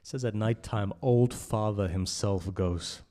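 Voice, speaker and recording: Unhurried, a man recites with passion at a mourning gathering in a religious centre hall. He swells to loud cries, drops low again, and often addresses direct questions to those listening.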